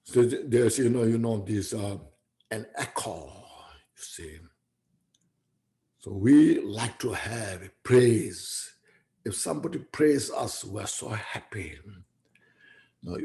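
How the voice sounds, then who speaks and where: Speaking in a low-leaning, dark voice with a creaky, gravelly texture, a male Buddhist teacher delivers a Dharma talk. He is animated yet slow and deliberate, reflecting aloud and often adding "you see" and "you know" to his points.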